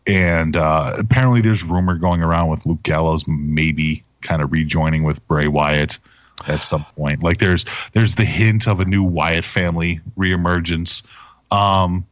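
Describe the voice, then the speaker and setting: Deep-voiced hesitant male co-host. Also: fairly even intonation, a little slow, no room sound. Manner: hesitant, trailing off. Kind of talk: casual podcast chat.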